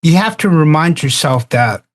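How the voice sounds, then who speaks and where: Man telling a halting anecdote. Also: a little high, expressive. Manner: halting, repeats words while telling an anecdote. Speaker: roundtable participant. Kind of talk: casual discussion, storytelling.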